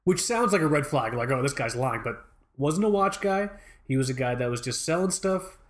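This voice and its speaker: A man's voice: a little high, expressive, normal speed. Profane, rambling man telling a story. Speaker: podcast co-host. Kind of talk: casual chat.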